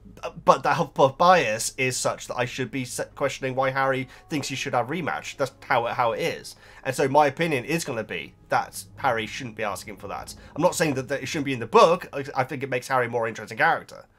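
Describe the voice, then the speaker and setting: A man's voice: mid-range voice, fast, a bit bright. A British man reading and answering viewer comments in a casual chat, talking hesitantly with many stumbling restarts.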